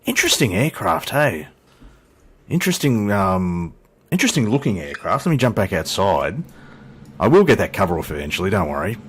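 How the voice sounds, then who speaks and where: A man's voice: deep voice, very animated, brisk, fairly bright tone, breathy edge. A middle-aged Australian man giving rambling, chatty commentary, self-deprecating and swearing casually as he talks at home into a desk mic. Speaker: flight sim YouTuber.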